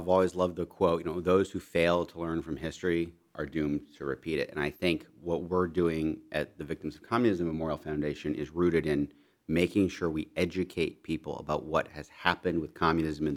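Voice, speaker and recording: A man's voice: extremely low pitch, steady tone, a little fast. A young man speaking as a guest in an interview, earnest and often restarting his sentences. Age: young adult. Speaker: foundation leader, guest. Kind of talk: interview discussion.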